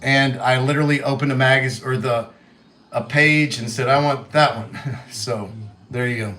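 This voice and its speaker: Soft-spoken man with a light Kentucky accent. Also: medium pitch, steady tone, normal speed, faint music behind. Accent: light Western Kentucky. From Western Kentucky. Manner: chatty, reads out viewer comments, soft-spoken. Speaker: livestream host. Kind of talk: casual livestream chat while cooking.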